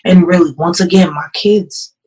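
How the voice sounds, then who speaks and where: A woman's voice: fairly low pitch, moderate pace, dark tone, low-quality recording. A woman pastor telling her own story as a podcast guest, earnest and emotional, often repeating phrases. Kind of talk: personal testimony in an interview.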